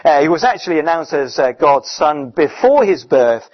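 A man preaching a sermon in a conversational, emphatic way, often pausing with fillers. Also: a little high, sing-song. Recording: dull, muffled recording.

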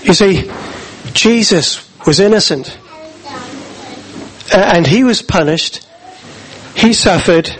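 A high-voiced man tells a story in the first person, earnest and halting, often repeating his words. He speaks from the front of a church. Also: animated, a bit bright, a little hiss or hum, poor audio. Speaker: preacher telling a Bible story.

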